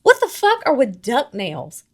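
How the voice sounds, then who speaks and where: A woman's voice: high-pitched, huge pitch swings, unhurried. A woman co-hosting a podcast in casual chat, brash, profane and teasing. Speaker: podcast co-host.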